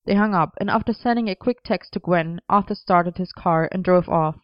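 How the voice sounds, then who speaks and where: A woman reading a story aloud as narrator, gentle and even. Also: on the low side, moderate pace, no room sound. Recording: dull lo-fi dry recording.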